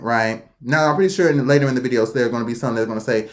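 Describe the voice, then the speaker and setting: A woman's voice: expressive, fast, hardly any pauses. Blunt, emphatic American woman commentator. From United States. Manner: emphatic, blunt, with sharp pitch swings. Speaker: reaction video host. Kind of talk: opinionated reaction commentary.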